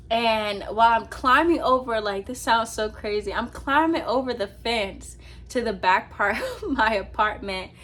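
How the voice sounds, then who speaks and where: A woman's voice: on the high side, normal speed. Chatty young woman telling a story. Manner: chatty, animated storyteller with many fillers. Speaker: vlogger. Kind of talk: casual storytelling to camera. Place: her apartment at night, indoors. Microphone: laptop with ring light.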